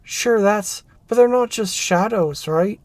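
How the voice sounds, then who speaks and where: A performer reading a narrative game aloud, voicing an excitable former research assistant who rambles and restarts mid-thought. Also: medium pitch, slow, dry recording, close to an everyday voice. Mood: animated. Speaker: game character voice.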